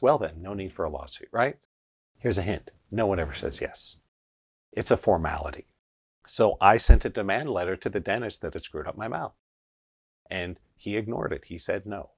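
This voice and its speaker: A man teaches energy healing straight to camera, speaking with emphasis and pausing for rhetorical checks. His voice sits a little low. The sound is dry, with no room echo. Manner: emphatic, keeps asking rhetorical "right?". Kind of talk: instructional video monologue.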